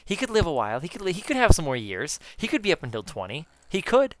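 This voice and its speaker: A man in casual chat with viewers while gaming, excitable, swearing often and calling his viewers guys. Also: fairly high pitch, fast, noisy background. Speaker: gaming YouTuber.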